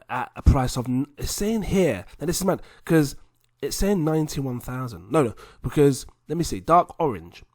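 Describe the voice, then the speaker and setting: A man hosting a video, talking viewers through charts in a chatty, animated way. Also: mid-range voice, dry recording. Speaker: crypto video host. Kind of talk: casual chart commentary to viewers.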